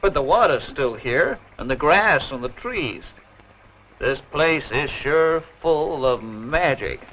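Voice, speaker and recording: Tex Tucker, an earnest cowboy. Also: male voice, a little high, lively intonation, slow, fairly bright tone, heavily acted. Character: young cowboy sheriff, polite and earnest. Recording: dull old TV soundtrack with music.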